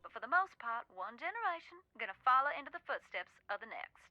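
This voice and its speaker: A woman's voice: high voice, big pitch swings, quick pace, no echo, dull audio. A woman voicing a dramatic Southern woman who talks with ghosts in a video game, with a drawling, old-fashioned delivery and a Southern accent. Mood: ominous.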